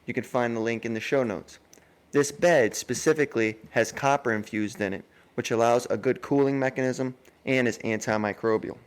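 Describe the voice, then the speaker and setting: A man's voice: medium pitch, normal speed. An American man co-hosting a podcast, reading sponsor spots and explaining loosely with a joking tone. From United States. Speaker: podcast co-host. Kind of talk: casual podcast chat and ad reads.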